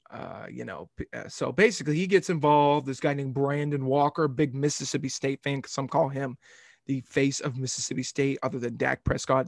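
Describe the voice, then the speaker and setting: A young man hosting a sports podcast, telling a rambling, animated story in casual talk. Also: medium pitch, vocal fry, no echo, clean studio sound.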